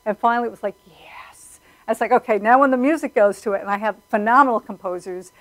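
New lady filmmaker chatting away, animated, acts out what people said. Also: fairly high pitch, fast, rough recording. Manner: animated storyteller, acts out quotes. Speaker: filmmaker guest. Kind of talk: casual interview talk.

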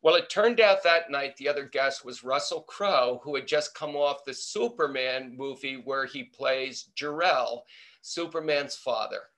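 In a webinar, a middle-aged American entomology professor tells a playful story, acting out quoted voices in a lively anecdotal talk. His mid-range voice is unhurried and fairly bright.

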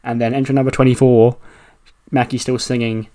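A man's voice: medium pitch, level tone, a little fast, dark tone. Chatty man narrating a wrestling game. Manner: laughs often, swears, loose and chatty. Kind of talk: casual play-by-play narration.

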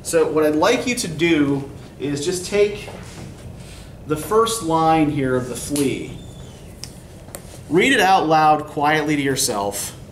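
A man's voice: on the high side, far from the mic, a little hiss or hum. Lecturing man in an echoey classroom. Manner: explanatory, keeps asking "right?". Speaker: English instructor. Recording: echoey classroom recorded from afar.

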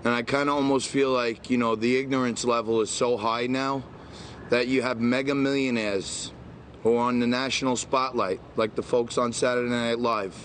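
A man's voice: medium pitch, fairly even intonation, normal speed, a bit bright, slight background noise. A man from Staten Island in a played clip, delivering an earnest, indignant rant. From Staten Island, New York.

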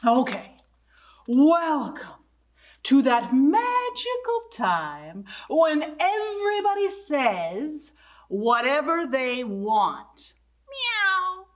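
A woman who is a children's librarian, reading a picture book aloud in a playful, expressive way and acting out the animal sounds. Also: high voice, very slow.

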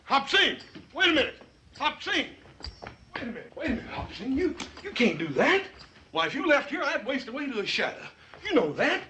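An actor playing a big-hearted, always hungry young rancher with a folksy, easygoing way of talking in a 1950s TV western. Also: male voice, very high-pitched, wildly swooping pitch, fairly quick, sharp tone, slight background noise, heavily acted. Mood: pleading. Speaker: ranch son.

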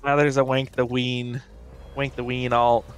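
A man's voice: medium pitch, level tone, unhurried, clear, resonant tone, faint music behind. A man chatting on a gaming stream with friends, teasing them dryly. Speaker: co-player. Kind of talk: casual gaming chat.

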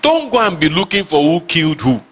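A man's voice: fairly high pitch, big pitch swings, fairly quick, a bit bright. A man preaching a sermon as pastor, reading scripture aloud with emphasis and asking his listeners questions. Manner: reads scripture aloud dramatically.

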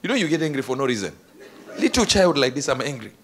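A male preacher tells a story from the pulpit, his pitch swinging up and down with animation. He jokes and laughs easily, and a faint hiss sits behind his voice. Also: quick pace. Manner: animated, jokey, laughs between lines. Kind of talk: storytelling sermon.

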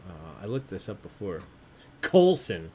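A man's voice: sits low, big pitch swings, a little slow, darkish tone, slight background noise. A man hosting an online trivia game, chatty and jokey, often laughing as he reads out answers. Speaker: trivia host.

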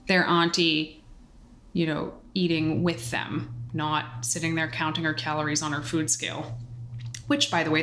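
A woman's voice: lowish voice, fairly bright tone. A woman co-hosting a podcast, telling chatty stories and drifting into tangents in casual conversation. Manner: chatty, tangent-prone storyteller. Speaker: podcast co-host.

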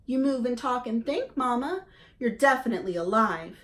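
A woman's voice: on the high side, expressive, normal speed, a bit bright, pitched above the performer's own voice. A woman voicing an upset young male gosling who squawks his lines in a whiny, hurt way, reading a storybook aloud. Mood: pleading.

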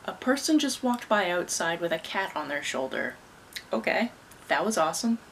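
A woman's voice: on the low side, expressive, moderate pace, a bit bright, a little hiss or hum. A young woman from Canada casually recapping movies and books, with wry asides. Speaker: book and film vlogger.

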